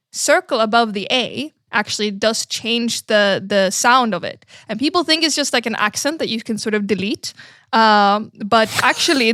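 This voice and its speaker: A woman's voice: fairly high pitch, fairly bright tone, no room sound, studio quality. A woman from Sweden, a native Swedish speaker, co-hosting a podcast in a giggly, chatty way and explaining things at length. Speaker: podcast co-host. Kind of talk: casual chat.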